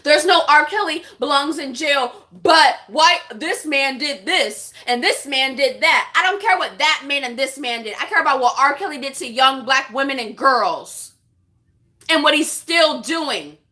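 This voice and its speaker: A woman with a high voice and a bright, forceful tone delivers a vlog rant to her viewers. She talks bluntly and with passion and swears freely. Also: moderate pace. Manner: impassioned, blunt, profane. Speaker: vlogger. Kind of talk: casual vlog rant to camera.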